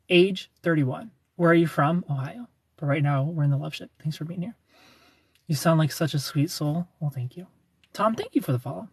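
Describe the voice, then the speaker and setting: A man's voice: on the high side, husky, no room sound. A man hosting a casual livestream, greeting viewers by name, reading their comments aloud and teasing them with frequent laughs. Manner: chatty, reads viewer names and comments aloud. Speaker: livestream host.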